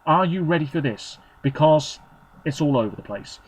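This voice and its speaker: A man giving opinionated solo commentary, chatty and sarcastic, with quick verdicts in short clipped phrases. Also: on the high side, expressive, slightly rough, poor audio. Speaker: Eurovision commentator.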